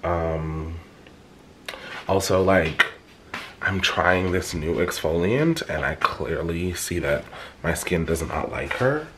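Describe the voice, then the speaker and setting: A man's voice: deep voice, slow, background noise. A tired man with allergies, chatting casually to camera in a vlog. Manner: chatty, animated, expressive. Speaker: vlogger. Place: home, then out and about.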